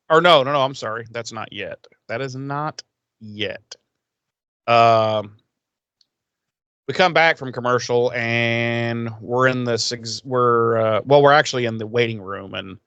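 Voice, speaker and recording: A man co-hosting a podcast, casually retelling an episode with quick acted-out quotes and swearing. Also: medium pitch, a bit bright, clean tone, no room sound. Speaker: podcast co-host. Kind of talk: casual episode recap chat.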